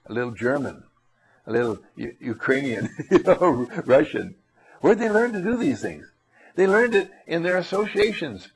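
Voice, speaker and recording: A man's voice: mid-range voice, breathy edge. A man giving a rambling anecdotal talk who often restarts his phrases and acts out characters. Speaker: storyteller.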